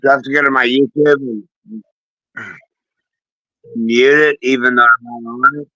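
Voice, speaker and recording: A man's voice: mid-range voice, steady tone, moderate pace, pushed and bright, no room sound. A middle-aged man hosting a casual livestream, flustered and unsure with the technology, speaking into a phone. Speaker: stream host. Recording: dull dry phone audio.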